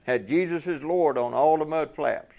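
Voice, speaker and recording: A man's voice: fairly high pitch, normal speed, creaky, mellow. A man preaching a folksy sermon to fellow truckers, asking the room rhetorical questions.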